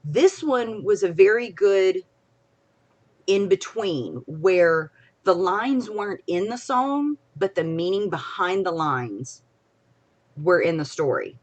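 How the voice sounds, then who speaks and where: A young woman, talking casually on a live stream. Her voice sits a little low, and she rambles excitably, jumping from loud bursts to soft asides. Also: takes it slowly, lo-fi sound. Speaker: podcast co-host.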